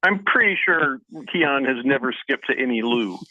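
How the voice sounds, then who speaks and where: A man hosting a casual sports radio show, reading listener messages aloud in a jokey, lively way. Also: medium pitch, dry recording. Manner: jokey, lively, talks fast in spurts. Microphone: phone line into the studio. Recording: tinny phone line, dry.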